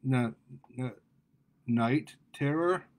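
A man voicing a panicky, boastful male crook who talks loud and stammers. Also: mid-range voice, fairly quick, natural voice. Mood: scared.

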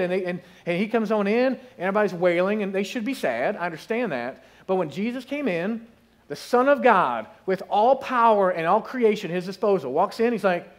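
A man preaching a sermon as pastor in a church, telling lively stories and acting out voices in quotes. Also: high voice, fairly quick. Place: church sanctuary.

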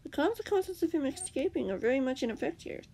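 A woman voicing a cruel, menacing male captor in an amateur fanfiction reading, often dropping to a hushed, threatening tone. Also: high voice, expressive, fast talker, slight background noise, voice pushed up.

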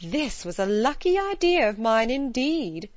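A woman doing a shrill, gushing mother. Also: very animated, a little slow, no echo. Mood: smug. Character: excitable fussy middle-aged mother, shrill and gushing. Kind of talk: audiobook character voicing.

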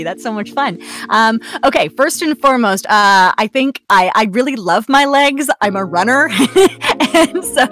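A woman voice actress chatting casually as a guest, playful and laughing often. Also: fairly high pitch. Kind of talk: casual chat.

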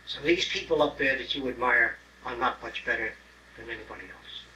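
A man's voice: mid-range voice, fairly quick, slight background noise. Blunt older man lecturing, echoey and distant. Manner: blunt, profane, animated storytelling with acted-out quotes. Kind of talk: live lecture to an audience. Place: lecture hall. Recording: roomy 1979 lecture tape, mic at a distance.

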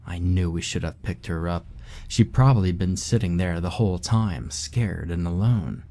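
Deep, dark-voiced male horror narrator. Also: vocal fry. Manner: steady, measured, somber first-person telling.

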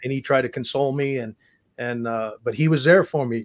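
A man talks through his memories as a guest musician on a chat show. His voice sits at a middling pitch and sounds dry and close, with no room around it. He speaks earnestly, stumbling and restarting as he goes. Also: no room sound. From Saskatchewan, Canada. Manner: earnest, halting, with restarts and repeated words. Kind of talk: casual storytelling interview.

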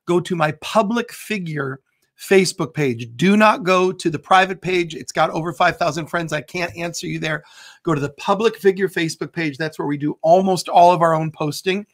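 A man hosting a livestreamed show as a bishop, loud and animated, joking and breaking off mid-sentence. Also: fairly high pitch, moderate pace. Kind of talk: livestream prayer and chat.

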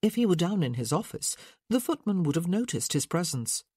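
A woman narrating a historical romance audiobook in an expressive, measured storytelling manner. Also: lowish voice, husky, dry recording, clean studio sound.

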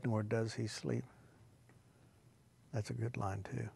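A man preaching a sermon, swinging between quiet, hushed asides and loud, emphatic exclamations. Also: on the low side, flat delivery, takes it slowly, creaky, slightly rough.

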